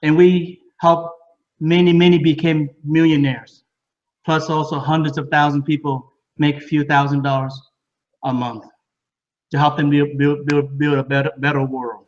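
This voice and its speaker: Distant, muffled man pitching with excitement. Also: moderate pace. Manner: repeats words, broken English phrasing. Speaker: speaker at a home business party. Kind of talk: enthusiastic sales pitch. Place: living room of a home party.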